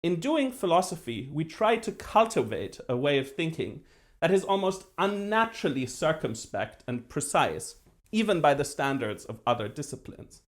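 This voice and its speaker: A man giving a university philosophy lecture as the professor, precise and lively, with dry self-deprecating humor. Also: on the high side, moderate pace. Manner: acts out voices when telling a joke.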